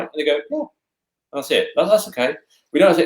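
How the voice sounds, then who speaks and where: A man's voice: a little high, lively intonation, fast talker. A man co-hosting an online webinar in casual chat, stumbling over words and padding with fillers. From Britain. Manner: stammers, repeats words, many fillers. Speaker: co-host, English teacher. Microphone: video call. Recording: roomy echo.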